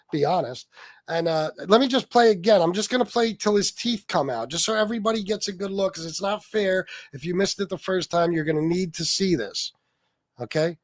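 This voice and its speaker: A man's voice: high voice, expressive, fairly quick, no echo. A man hosting a livestream, reading chat comments aloud and commenting in a profane, mocking way. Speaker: livestream host.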